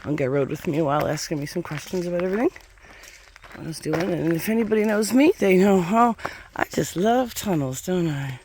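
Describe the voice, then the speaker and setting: A woman's voice: on the low side, expressive, brisk, a little mellow, slight background noise. A middle-aged woman hiking and filming herself, talking in a rambling, chatty, enthusiastic way. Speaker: hiker vlogger. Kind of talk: casual trail vlog. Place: outdoors on a hiking trail.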